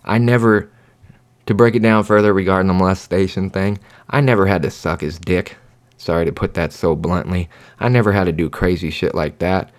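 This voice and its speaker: A man's voice: low-pitched, steady tone, brisk. A man hosting his own podcast, telling his life story in a blunt, profane, rambling monologue. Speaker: podcast host. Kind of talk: candid personal monologue.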